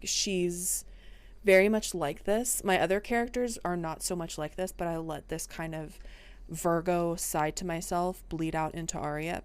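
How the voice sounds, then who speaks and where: A young adult woman streaming, chatting casually and playfully to her viewers with sudden excited outbursts. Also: on the low side, clear, resonant tone, dry recording.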